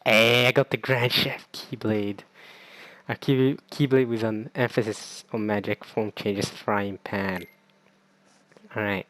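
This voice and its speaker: A young man giving casual let's-play commentary, excitable and stammering, repeating himself as he talks. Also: on the low side, slow. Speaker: gaming video creator.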